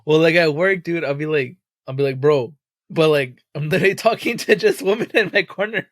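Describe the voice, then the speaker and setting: A man co-hosting a podcast in casual chat, talking haltingly with frequent restarts and fillers. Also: a little high, no room sound, clean studio sound. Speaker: podcast co-host.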